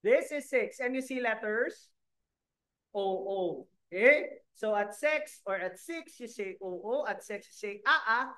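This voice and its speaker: A Filipino woman in her forties lectures a class at an unhurried pace, her voice sitting high. She keeps it light with jokes and keeps quizzing the students. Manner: joking, quizzing the class with questions.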